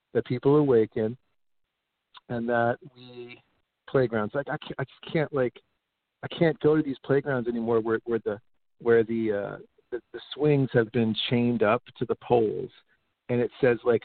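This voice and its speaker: A man's voice: mid-range voice, creaky, no room sound. A man in casual conversation who talks animatedly, swears freely and says "like" a lot, often mimicking other people in a raised voice. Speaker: podcast host. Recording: dry, phone-like narrow sound.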